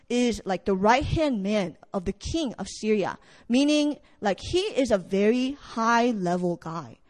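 A woman preaching a sermon, telling a story in a lively way and acting out what the characters say. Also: high voice, in a large hall. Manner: animated storytelling, acts out characters' lines.

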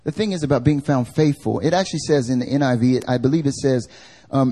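A man preaching a live church sermon, animated and conversational, acting out everyday voices. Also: mid-range voice, fast talker. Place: church service.

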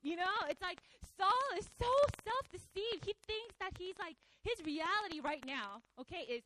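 A woman preacher giving a conversational, animated sermon, often slipping into acted quotes. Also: very high voice, measured pace, rough recording.

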